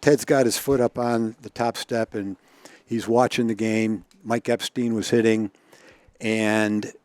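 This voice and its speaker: A man's voice: mid-range voice, darkish tone, no echo. A man telling baseball anecdotes in a casual chat, chuckling often and repeating words as he goes. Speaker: guest storyteller.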